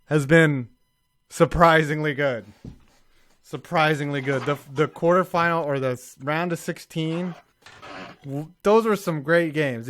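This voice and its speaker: A man hosting a live-streamed sports talk show, ranting hot takes with lots of swearing in casual banter. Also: on the high side.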